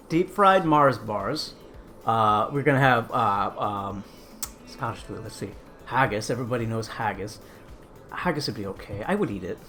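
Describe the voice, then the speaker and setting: A man's voice: fairly high pitch, a bit bright. Chatty man hosting a cooking stream. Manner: chatty, rambling, answers chat. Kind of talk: casual live-stream chat.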